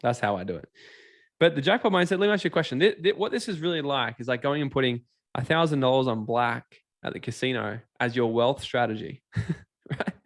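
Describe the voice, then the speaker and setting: Here a motivational seminar speaker with a medium-pitched voice brings characters to life and quizzes his listeners in an animated way. The audio is clean studio quality with no echo.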